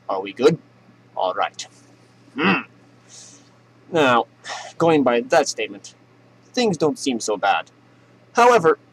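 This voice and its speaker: A man's voice: medium pitch, a little hiss or hum, rough recording. A man hosting a comedy news show, ranting sarcastically and profanely and laughing at his own jokes.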